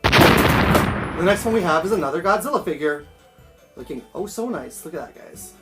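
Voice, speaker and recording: A man chatting excitedly and swearing casually through a home unboxing vlog. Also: a little high, normal speed. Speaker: toy collector vlogger. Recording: roomy echo, faint background music.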